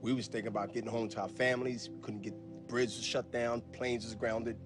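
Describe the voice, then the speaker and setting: Blunt plain-spoken ex-boxer. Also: male voice, mid-range voice, flat delivery, fairly quick, over music. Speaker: former boxer, guest. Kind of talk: sports interview answers.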